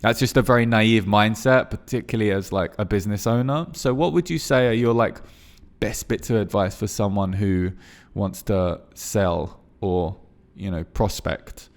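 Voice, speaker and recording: A man's voice: lowish voice, normal speed. A man hosting a podcast, asking casual, rambling interview questions. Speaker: podcast host.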